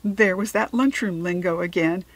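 Reading from a children's chapter book, this woman uses a lowish voice at a moderate pace, telling the story gently and occasionally dropping to a soft whisper for asides. There's no room sound.

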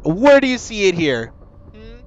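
A man's voice: high-pitched, sing-song, a little slow, highs cut off. A young man streaming a game, ranting, exasperated and cursing at it. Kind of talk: frustrated gameplay commentary.

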